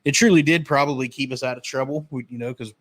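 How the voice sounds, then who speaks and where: A man in his thirties from the northern United States, telling relaxed childhood stories in a casual podcast talk. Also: mid-range voice, no room sound. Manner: relaxed storytelling, drawn-out memories. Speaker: podcast host.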